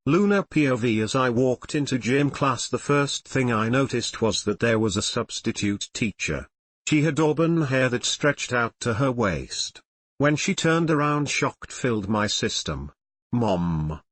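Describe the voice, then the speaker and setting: A man's voice: medium pitch, expressive, unhurried, fairly bright tone, no room sound. A man reading a fan fiction story aloud, voicing several characters' lines with little change of voice. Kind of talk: audiobook-style story reading.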